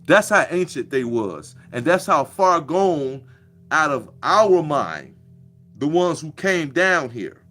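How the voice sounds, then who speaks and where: A man's voice: a little high, fairly bright tone. A man, delivering a profane, preachy monologue with a mocking edge. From Chicago. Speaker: commentator. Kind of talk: casual monologue.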